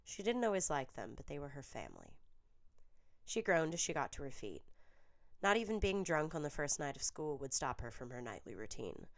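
A woman narrating a piece of fan fiction in steady storytelling. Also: deep voice, normal speed.

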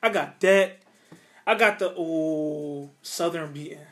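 A man's voice: a little high, takes it slowly, a bit bright. A man in casual chat, joking along and using heavy slang.

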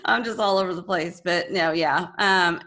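A woman's voice: fairly low pitch, moderate pace, bright, forceful tone. A woman with a Texan accent hosting a podcast, chatting casually and rambling with restarts. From grew up in Texas. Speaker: podcast host. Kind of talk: casual interview chat.

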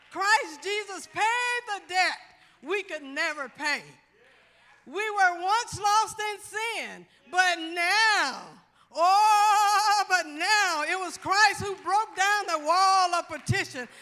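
A woman pastor preaching with fervor, her very high, bright voice unhurried and drawn out. Her repeated phrases ring through a reverberant church sanctuary. Faint music plays underneath. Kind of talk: sermon.

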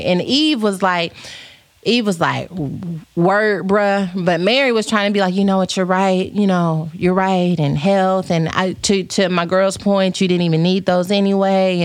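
A woman's voice: mid-range voice, no room sound. A woman hosting a podcast, telling a story in a playful, dramatic casual chat and reading viewer comments aloud. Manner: animated, playful, dramatic retelling.

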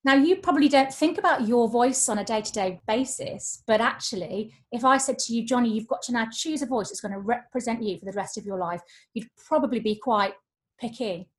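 A woman's voice: on the high side, fairly quick. A woman, a voice coach talking expressively in a podcast conversation. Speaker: voice coach guest.

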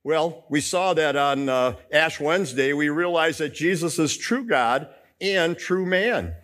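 A man's voice: a little high, animated, measured pace, a bit bright. A man pastor preaching a Lenten sermon, asking the congregation rhetorical questions.

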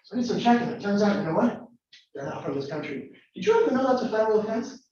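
A man's voice: high voice, big pitch swings, very fast, darkish tone, highs cut off, slight background noise. A man role-playing a federal prosecutor who casually threatens a defendant, heard from far off in an echoey room. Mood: menacing. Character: menacing male federal prosecutor leaning on a defendant.

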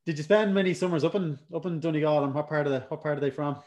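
A man's voice: fairly high pitch, rapid-fire, a little mellow. A man hosting a podcast, asking questions with a teasing, jokey manner. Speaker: podcast host. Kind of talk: casual interview chat.

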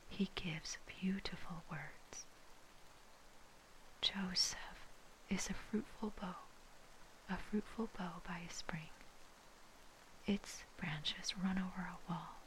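Slow whispering woman reading scripture. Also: lowish voice, rough recording. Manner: unhurried, soft, with a casual aside on pronunciation. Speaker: reader.

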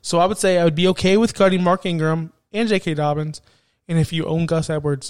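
A man's voice: high-pitched, brisk. A man hosting a podcast, ranting emphatically and swearing about fantasy football picks. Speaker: podcast host.

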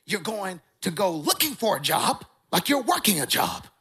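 A man's voice: sits high, big pitch swings, normal speed, slightly rough, exaggerated voice. A man voicing an older church elder who gives firm instructions in a strong, emphatic voice. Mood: commanding. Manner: preachy, emphatic, rising to shouts.

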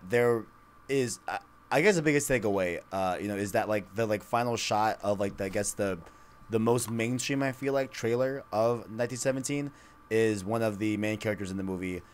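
A man co-hosting a casual gaming podcast, rambling and excitable, filling his talk with "like" and "you know". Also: on the low side, moderate pace. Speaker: podcast co-host. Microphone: studio microphone.

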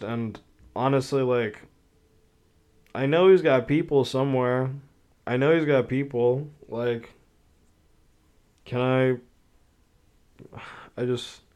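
A man's voice: medium pitch, a little mellow, clean tone. A young man hosting a casual solo podcast, rambling and swearing, full of filler words. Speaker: podcast host.

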